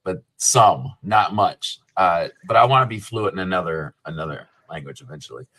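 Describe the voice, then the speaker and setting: A man's voice: sits low, animated, moderate pace, a bit bright. A man hosting a live stream interview, talking in an enthusiastic, friendly way. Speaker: host.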